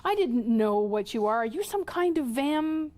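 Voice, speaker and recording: A woman's voice: mid-range voice, normal speed, dark tone, close to an everyday voice. A woman voicing a scared but fierce male narrator in a book reading, speaking sharply. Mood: alarmed.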